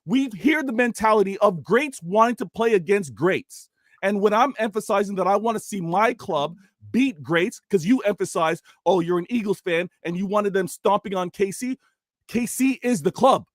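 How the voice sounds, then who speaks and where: High-pitched guy arguing his point on a call, dry sound, keeps saying let me respond. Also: animated, normal speed, dry recording. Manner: insistent, keeps demanding to respond. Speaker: panelist. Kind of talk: heated football debate.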